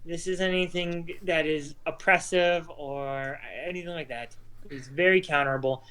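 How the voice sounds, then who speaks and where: Young male league regular, raised pitch, loose and chatty, heavy on filler words. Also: steady tone, normal speed, pushed and bright, clear, resonant tone, low-quality recording. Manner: rambling, lots of likes and ums. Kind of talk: casual chat.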